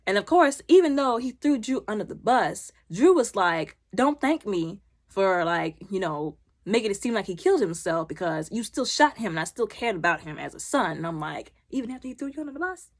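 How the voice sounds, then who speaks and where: A woman's voice: mid-range voice, lively intonation, normal speed, few pauses. A woman chatting casually as she recaps a TV episode, acting out the characters' lines as she retells the scenes. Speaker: TV show reviewer.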